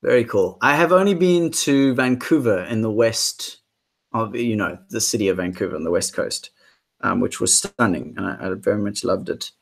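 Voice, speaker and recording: A man's voice: lowish voice, animated, normal speed, gravelly, slightly rough. A man hosting a casual musician's livestream, chatting in a rambling way and reading out viewer comments. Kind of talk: casual live-stream chat.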